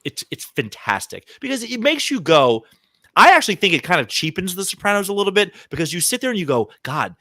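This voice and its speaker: A man's voice: sits high, fairly quick, no room sound, studio quality. A man co-hosting a podcast, chatting casually and acting out the people in his stories. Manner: animated storyteller, acts out quoted people. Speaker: podcast co-host. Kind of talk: casual chat, storytelling.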